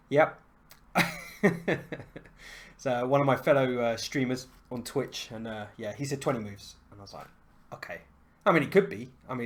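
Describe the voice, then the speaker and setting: A young adult man from the United Kingdom, a chess streamer chatting casually to his viewers in an excitable, self-mocking way. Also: medium pitch. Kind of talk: casual live-stream chat.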